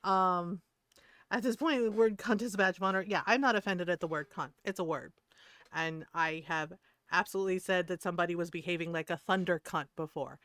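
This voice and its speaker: A middle-aged woman chats on her game stream, blunt and freely swearing, with frequent laughter. Her voice is smooth and clear. The sound is dry and close, with no room echo. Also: lowish voice, fairly quick, fairly bright tone. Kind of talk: casual stream chat.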